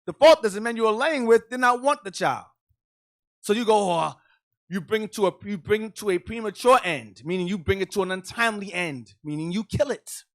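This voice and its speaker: Deacon leading a Bible class: a man with a high-pitched voice, emphatic and preachy. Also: normal speed. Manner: preachy, emphatic, calls out instructions to a reader.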